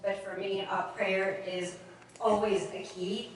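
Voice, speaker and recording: Teary woman giving a heartfelt toast, far off in a boomy room. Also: little pitch movement, takes it slowly, very echoey, crowd noise. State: emotional. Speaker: party guest giving a toast. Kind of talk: heartfelt speech.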